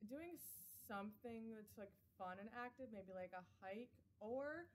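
A woman's voice: a little high, a little slow, a little hiss or hum. A young woman from Wisconsin with a Midwestern American accent, a fitness trainer chatting casually in an interview video. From Wisconsin, USA. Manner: chatty, relaxed, fond of "like". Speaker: assistant program manager and personal trainer at a fitness center.

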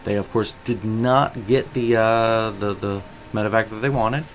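A man's voice: fairly low pitch, steady tone, unhurried, a little hiss or hum. A man giving analytical commentary on a strategy game, coaching the viewer and asking them questions.

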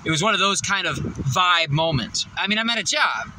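A man's voice: high voice, expressive, moderate pace, sharp tone, a little hiss or hum, rough recording. A man telling a rambling, profane story in a casual vlog, out of breath and laughing often. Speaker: vlogger.

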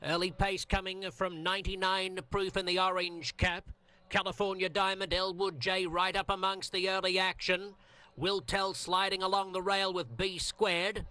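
A man calling a horse race live, with a rapid, rhythmic calling cadence. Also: sits high, little pitch movement, bright, forceful tone, dry recording. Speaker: race caller.

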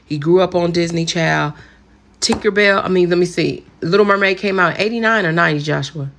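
Lady gushing over her haul, lowish gravelly voice, chatty. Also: fairly quick, a bit bright, slight background noise. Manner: gushing, chatty, says "y'all" often. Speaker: vlogger showing purchases. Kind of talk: casual haul video chat.

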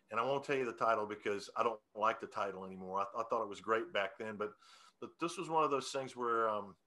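A male songwriter talking in a relaxed, rambling interview, often restarting his sentences and chuckling as he explains how he came to write a song. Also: medium pitch. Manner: rambling, self-correcting, chuckling. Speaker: songwriter guest. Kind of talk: casual interview talk.

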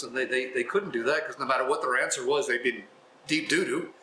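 Bright-voiced man teaching in echoey room. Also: mid-range voice, brisk, slight background noise. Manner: folksy, chuckling asides between readings. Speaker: pastor teaching a Bible class. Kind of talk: scripture reading with casual commentary.

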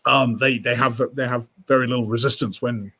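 Husky man explaining with many pauses. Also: medium pitch, fairly even intonation, sharp tone. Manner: thoughtful, halting, many fillers and restarts. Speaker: guest engineer. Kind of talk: explaining electronics on a live stream.

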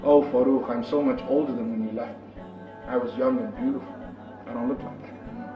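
A man retelling a gentle older wife, echoey and far. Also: on the high side, lively intonation, a little fast, lightly acted. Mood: tender. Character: devoted wife, now older, gently questioning. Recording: distant roomy dull sound with music.

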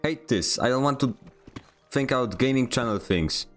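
A man's voice: medium pitch, expressive, normal speed, a bit bright, soft background music. A man from Poland with a Polish accent, streaming a game and chatting with viewers in a rambling, self-deprecating way. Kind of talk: casual gameplay stream commentary.

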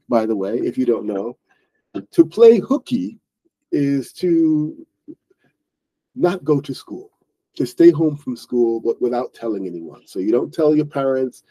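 Dark-voiced man explaining a story. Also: mid-range voice, low-quality recording. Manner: rambling explanations with many restarts and fillers. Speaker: English teacher and book club host. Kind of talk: casual explaining lesson.

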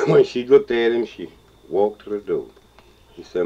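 An older man with a Texas Southern accent, telling a folk story in a slow, drawling, chuckling way. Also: on the low side, lively intonation, darkish tone. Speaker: blues songster and storyteller. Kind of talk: folksy spoken storytelling. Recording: dull lo-fi field recording with guitar.

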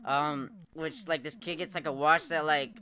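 A young man commenting live on his gameplay, swearing a lot, laughing often and yelling at the game when he fails. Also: a little high, moderate pace. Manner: profane, excitable, laughs often, shouts at the game. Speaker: streamer playing a retro game. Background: game music.

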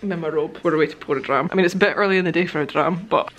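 A young woman chatting excitedly to camera in a casual vlog, gushing and giggling as she talks. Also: deep voice, very fast. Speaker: vlogger. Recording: noisy phone vlog audio.

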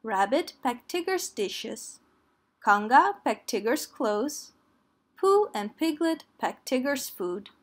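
A woman reads a children's story aloud in a gentle, clear manner. Her voice sits fairly high and her pace is slow and unhurried, suited to young listeners. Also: very animated.

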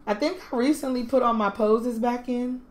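A woman's voice: on the high side, normal speed. A woman giving casual gameplay commentary, doting and gushing over her toddlers. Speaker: game streamer.

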